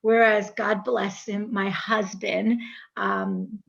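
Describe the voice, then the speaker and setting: A woman's voice: mid-range voice, level tone, slow, creaky, a bit bright. A woman with an American accent hosting a casual podcast interview, chatty and gushing, with many fillers and restarts. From United States. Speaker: podcast host. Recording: dull lo-fi recording.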